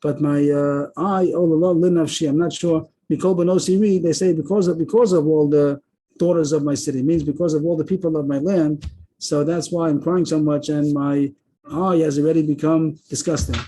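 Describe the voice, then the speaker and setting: A man, teaching a verse-by-verse text class over a video call, thinking aloud frequent pauses and restarts. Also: on the high side, steady tone, dark tone.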